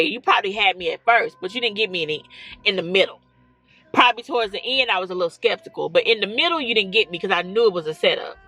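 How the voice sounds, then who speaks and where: A young woman telling a personal story in a casual vlog, talking straight to her viewers. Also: medium pitch. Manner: animated, talks straight to viewers with "y'all" and "okay?". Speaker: storytime vlogger.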